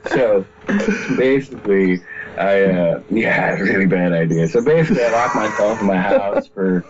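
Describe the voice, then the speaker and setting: A man with a somewhat low voice spins a rambling personal tale in casual podcast chat. He swears freely and breaks into laughs as he goes. The recording is dull and lo-fi, with faint noise underneath. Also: expressive, normal speed. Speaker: podcast guest.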